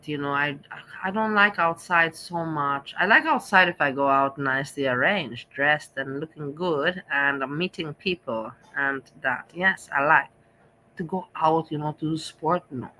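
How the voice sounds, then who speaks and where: A woman's voice: deep voice, expressive, a little slow, sharp tone, poor audio. A middle-aged woman hosting a vlog, talking candidly in a rambling, repetitive way. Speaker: vlog host. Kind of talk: candid casual chat.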